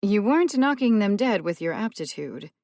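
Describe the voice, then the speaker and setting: A woman's voice: medium pitch, big pitch swings, moderate pace, a little mellow, no room sound, studio quality, voice pushed up. A woman narrating an audiobook, voicing a stern, practical woman who speaks in a firm, lecturing way. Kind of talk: audiobook character voice.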